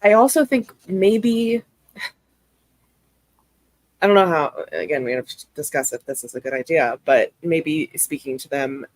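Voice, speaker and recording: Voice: mid-range voice, expressive, measured pace, pauses often, no echo, low-quality recording. A player in casual chat during a tabletop game, thoughtful and hesitant.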